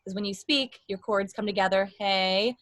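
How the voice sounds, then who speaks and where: A woman's voice: medium pitch, fairly quick, a bit bright, dry recording. A young adult woman vocal coach giving a casual, rambling lesson with demonstrations.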